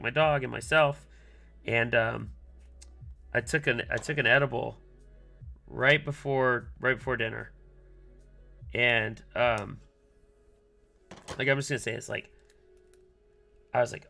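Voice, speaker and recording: A man in his thirties, a streamer, tells a long, rambling story packed with fillers as he types on a keyboard, muttering asides to himself. His voice sits at medium pitch and sounds creaky, pushed and bright. It's casual storytelling done while he works.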